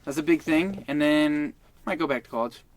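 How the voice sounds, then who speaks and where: A man's voice: on the high side, moderate pace, a little hiss or hum. A man in his twenties, a podcast guest, telling a rambling, profane story in casual chat.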